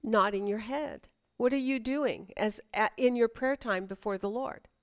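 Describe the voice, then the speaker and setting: A woman's voice: fairly high pitch, a little slow. A middle-aged woman leading a Bible study lesson, talking conversationally, asking the class questions and often restarting her sentences.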